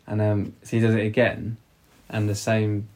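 A man talking casually about a film, rambling and halting with many restarts. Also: lowish voice, monotone, darkish tone.

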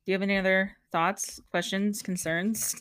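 A woman's voice: mid-range voice, steady tone, moderate pace, a bit bright, clear, resonant tone. A young woman hosting a podcast, talking casually, frankly, and laughing often. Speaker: podcast host. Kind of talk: casual chat.

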